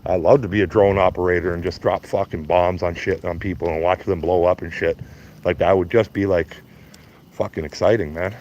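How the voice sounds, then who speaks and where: A man's voice: low voice, fairly even intonation, normal speed, darkish tone. Blunt, profane man in his fifties ranting. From Canada. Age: 50s. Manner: blunt, profane, mocking, laughs at own jokes. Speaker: live streamer. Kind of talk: ranting live stream chat. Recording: slightly dull lo-fi stream audio.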